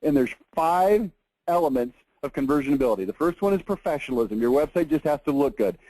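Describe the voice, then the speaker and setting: Guy teaching a marketing seminar, kinda high voice but mellow, keeps asking okay?. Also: fast talker, no echo, rough recording. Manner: emphatic, repeats "okay?" to check in, animated. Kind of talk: lively sales seminar lecture.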